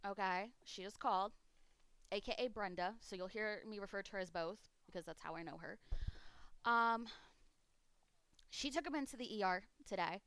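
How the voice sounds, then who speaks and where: A young adult woman streamer giving a casual update to her chat, emotional and trying not to cry, rambling with many ums and pauses. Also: mid-range voice, fairly bright tone, clear, resonant tone, no echo.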